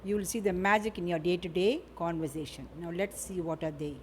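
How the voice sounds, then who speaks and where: A woman teaches vocabulary at an unhurried pace, saying each word and its example twice. She often closes a point with a tag question. Faint noise sits under her voice. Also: fairly low pitch, a little mellow. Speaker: English teacher. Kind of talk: vocabulary lesson.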